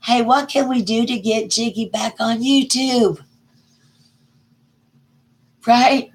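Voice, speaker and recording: A middle-aged woman, chatting casually on a livestream and greeting viewers by name with folksy warmth. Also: on the high side, slow pace. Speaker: livestream host. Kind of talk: casual live chat reading viewer comments.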